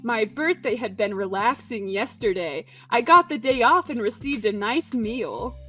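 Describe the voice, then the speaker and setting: A woman's voice: a little high, expressive, a little slow, a bit bright, far from the mic, faint music behind. A woman reading a webtoon's narration aloud with friends, breaking off to make joking comments. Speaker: webtoon reader. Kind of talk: casual comedic read-along.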